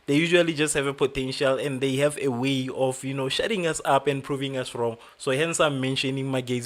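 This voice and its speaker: Young male livestream host, casual chatty delivery, filler-heavy, greets viewers. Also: medium pitch. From South Africa. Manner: chatty, many fillers, reads out viewer names. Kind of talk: football watchalong livestream chat.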